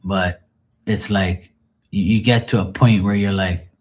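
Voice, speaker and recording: A man's voice: sits low, steady tone, measured pace, a little mellow. A man on a live stream venting in a rambling, emotional monologue, swearing often and sounding drained and sad.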